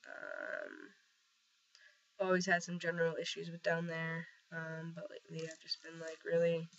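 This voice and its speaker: A young man with a voice roughened by a cold, rambling casually with lots of fillers in a personal video diary. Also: a little high, sing-song, a little slow, a bit bright. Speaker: vlogger. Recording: slightly dull lo-fi sound.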